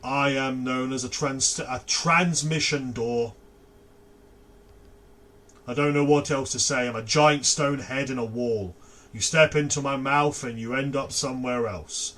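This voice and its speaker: A man voicing Grimbold, a talking giant stone head set in a wall that serves as a magic door, loud and plainspoken. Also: mid-range voice, a little slow, close to an everyday voice. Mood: cheerful.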